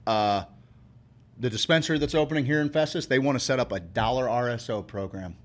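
A man's voice: medium pitch, a little fast. A man co-hosting a podcast, talking in a heated, emphatic rant full of swearing. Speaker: podcast co-host. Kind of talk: casual profane rant.

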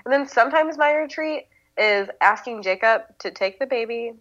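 A woman's voice: fairly high pitch, animated, moderate pace, fairly bright tone. Young woman guest, chatty and bubbly, dull lo-fi sound. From Midwest United States. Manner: bubbly, chatty, with fillers and laughs. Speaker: podcast guest. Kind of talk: casual interview chat. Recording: slightly dull lo-fi audio.

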